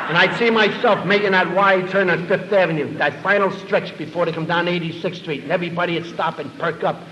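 A man telling his recovery story to an audience as a lively, self-mocking comic storyteller, in a dull lo-fi recording. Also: on the high side, noisy background. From New York City.

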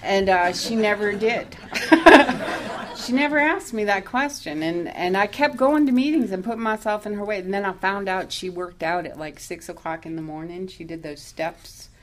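A woman's voice: medium pitch, normal speed. A woman telling her own recovery story at a meeting, candid and self-mocking, laughing often as she talks. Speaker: recovery speaker.

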